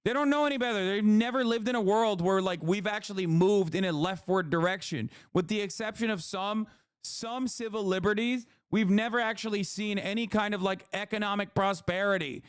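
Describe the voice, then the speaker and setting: A man's voice: high voice, steady tone, brisk, smooth, no echo, clean studio sound. A man hosting a stream, reacting to clips with sarcastic, profane political commentary. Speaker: streamer host.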